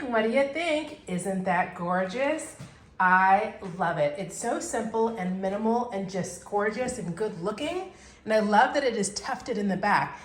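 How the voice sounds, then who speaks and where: Chatty, excitable woman vlogging at home. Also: mid-range voice, echoey room. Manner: chatty, excitable, rambling with laughs. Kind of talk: casual vlog chat. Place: at home indoors.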